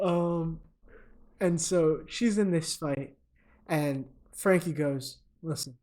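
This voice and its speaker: Drawing out his words in a slightly high, somewhat mellow voice, a young podcast co-host comically retells a movie's plot, full of ums and uhs and chuckling at his own jokes.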